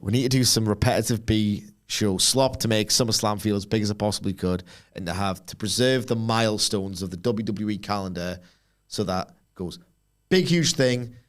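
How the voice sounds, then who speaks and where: A man co-hosting a podcast in casual chat, opinionated and quick to jump into animated asides. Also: fairly low pitch. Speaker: podcast co-host.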